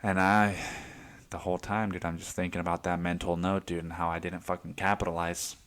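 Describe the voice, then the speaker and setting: A man hosting his own podcast, telling a story in a casual, excitable monologue, swearing freely and saying "dude" constantly. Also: deep voice, brisk, clear, resonant tone. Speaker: podcast host.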